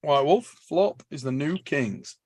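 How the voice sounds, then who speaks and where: Higher-voiced English man reading super chats. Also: expressive, measured pace, darkish tone, breathy edge, dry recording. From England. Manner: jokey, laughing, calls people mate. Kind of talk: casual chat.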